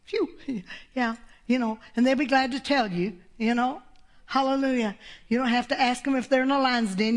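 An older woman preaching a sermon, folksy and exclamatory, with laughs between her points. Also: fairly high pitch.

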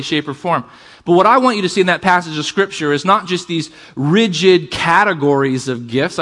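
A man preaching a sermon to a congregation, calling for amens and shifting between fast bursts and slow, quiet emphasis. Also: high-pitched. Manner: energetic preaching, calls for amens, varies pace and volume. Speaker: pastor.

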